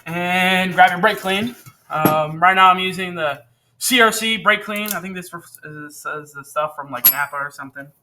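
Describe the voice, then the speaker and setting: A high-voiced teen boy speaks at normal speed against background noise. As a channel host, he demonstrates a repair at his home workbench in a casual, rambling how-to, correcting himself again and again.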